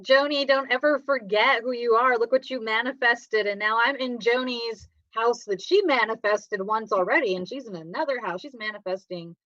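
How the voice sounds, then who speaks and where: A woman's voice: fairly high pitch, normal speed, few pauses, fairly bright tone, no echo, lo-fi sound. A woman co-hosting a talk radio show, speaking with enthusiastic encouragement to a caller. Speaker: radio co-host.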